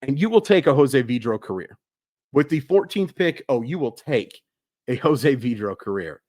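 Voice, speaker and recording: Casting: male sports analyst, chatty and animated, pitch swinging a lot, dry close-mic sound. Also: moderate pace, dry recording. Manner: animated, self-correcting, conversational. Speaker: baseball analyst.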